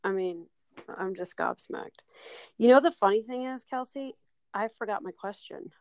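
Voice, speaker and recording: A woman hosting her own podcast in casual chat, excitable and rambling, dropping lots of "like"s and the odd swear word. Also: mid-range voice, normal speed, dry recording. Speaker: podcast host.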